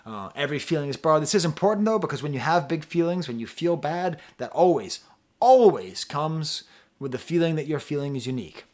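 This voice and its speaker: A man giving a casual, rambling album review, breaking off into asides to the viewer, his pitch and loudness jumping up and dropping low. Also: brisk. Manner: animated, pitch and loudness swing widely. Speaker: music reviewer, channel host.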